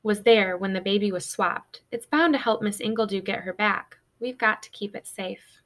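Teacher voicing headstrong kid hero, urgent and stubborn, storybook read-aloud. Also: female voice, medium pitch, normal speed, a bit bright, close to an everyday voice. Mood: determined. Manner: urgent, stubborn, whispering harshly. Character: impulsive determined schoolboy.

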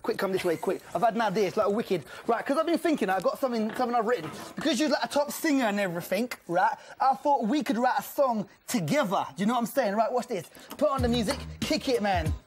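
A man's voice: very high-pitched, lively intonation, quick pace, hardly any pauses, a little hiss or hum. A man presenting children's TV, talking in a cheeky, jokey, chatty way. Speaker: kids' TV presenter. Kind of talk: playful presenting and chat.

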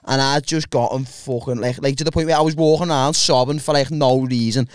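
A young man with a Liverpool accent, telling a story as a podcast co-host in casual comedy chat, jumping into high voices for quotes. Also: steady tone, fairly quick, clear, resonant tone, dry recording, studio quality.

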